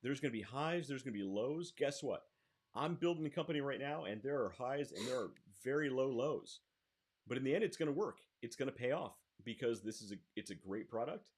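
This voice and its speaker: A man's voice: medium pitch, lively intonation, fairly quick, husky. Emphatic motivational man on a podcast. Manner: emphatic, motivational, repeats "that's it" and "guess what". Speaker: podcast co-host. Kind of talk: casual podcast chat.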